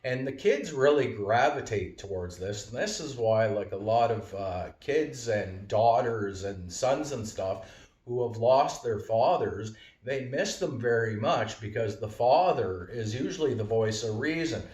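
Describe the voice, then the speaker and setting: A man's voice: mid-range voice, animated, unhurried, darkish tone. A man giving a casual, rambling monologue full of fillers and wordplay. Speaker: vlogger. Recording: roomy, distant from mic.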